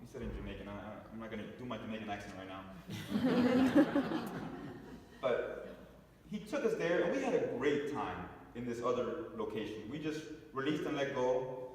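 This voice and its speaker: A middle-aged man speaking at a spiritual center, telling a personal story to an audience in an animated way with frequent restarts. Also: mid-range voice, moderate pace. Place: large hall with long reverb. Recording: echoey hall, voice from far off.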